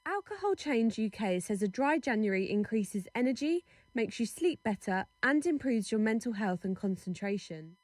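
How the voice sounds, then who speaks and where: Higher-voiced woman news reporter. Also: very animated, moderate pace, a little mellow, dry recording.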